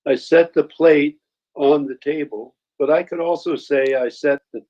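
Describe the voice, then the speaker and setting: A man's voice: a little high, steady tone, measured pace, dark tone, highs cut off. A man who guests on an English lesson, explaining word use in a thoughtful, casual way. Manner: thoughtful, searches for examples, self-deprecating. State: coughing.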